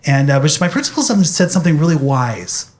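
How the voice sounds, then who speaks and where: A man's voice: fairly high pitch, sing-song, brisk. A young man speaking animatedly to an audience, telling a personal story in a motivational talk.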